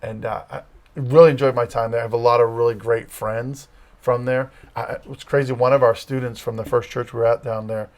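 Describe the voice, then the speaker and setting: A man's voice: mid-range voice, fairly even intonation, a little fast. A man from Massachusetts with a light Massachusetts accent, telling stories casually as an interview guest. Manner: rambling, anecdotal storytelling. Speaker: guest, campus ministry leader.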